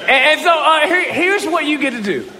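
A man giving a humorous, self-mocking storytelling talk as a motivational speaker, often breaking into excited shouts. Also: very high-pitched, normal speed, big-room sound, noisy background.

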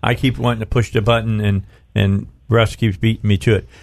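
A man's voice: fairly low pitch, level tone, brisk, a little mellow. A middle-aged man hosting a talk radio show from his studio, rambling and restarting his sentences, stretching out words for emphasis.

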